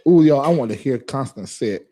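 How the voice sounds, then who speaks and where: Male live-stream host, casual and chatty, medium pitch, addresses chat viewers and repeats words for them to copy. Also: lively intonation, a little fast, mellow. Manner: chatty, repeats and drills a word's pronunciation; talks to chat viewers by name.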